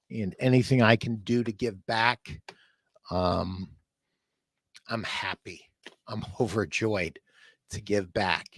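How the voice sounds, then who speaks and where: A man's voice: fairly low pitch, dry recording. A man talking earnestly on a live podcast, getting choked up as he thanks retailers. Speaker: furniture sales rep guest.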